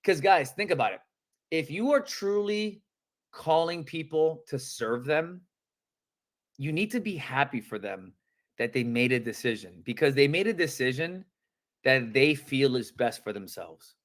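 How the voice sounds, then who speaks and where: A man coaching real estate agents on a live-streamed sales training, talking in energetic, casual slang and acting out phone calls. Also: medium pitch, unhurried.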